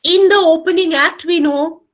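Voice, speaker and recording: Middle-aged Indian English woman, literature teacher, high voice, animated and emphatic. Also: normal speed. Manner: animated, emphatic, repeats key phrases for note-taking. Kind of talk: online literature lecture.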